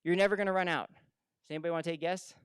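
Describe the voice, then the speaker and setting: A man giving a lively seminar talk on retirement income, asking the room questions and telling stories. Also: a little high, rapid-fire, clear, resonant tone, no room sound. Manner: energetic, conversational, asks the room questions. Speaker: financial advisor speaking at a seminar. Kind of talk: live seminar talk to an audience. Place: room with a live audience.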